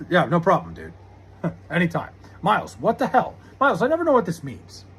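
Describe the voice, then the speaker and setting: A man's voice: sits high, huge pitch swings, fairly quick, fairly bright tone, slightly rough. A young man streaming live, arguing heatedly with his chat and swearing often. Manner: heated, argumentative, swears a lot.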